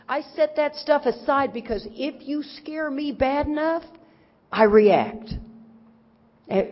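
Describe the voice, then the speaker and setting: Middle-aged woman, raised in Texas, folksy recovery speaker; higher voice, muffled hall recording. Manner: animated and folksy, teasing the audience. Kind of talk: recovery talk to a crowd. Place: large conference hall. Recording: dull recording with long hall reverb.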